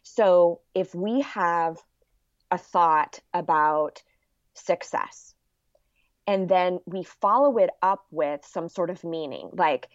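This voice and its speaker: A woman speaks in a fairly low voice, earnest and explanatory, as a guest in a casual interview. The recording sounds dull and lo-fi, and the room is dry with no echo. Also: slow pace. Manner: earnest and explanatory, acts out quoted inner voices.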